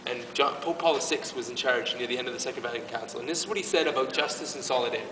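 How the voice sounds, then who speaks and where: At a very fast clip and medium pitch, a man delivers an informal faith talk to his parish youth group, earnest and emotional, restarting again and again. He is the parish's youth ministry speaker. Background noise is present, and he's captured from afar in an echoey hall.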